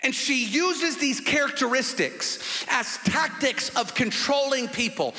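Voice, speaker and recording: Emphatic high-voiced preaching man. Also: animated, unhurried, few pauses, pushed and bright. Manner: emphatic preaching with long repetitions. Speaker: pastor. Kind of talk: sermon. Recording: long hall reverb.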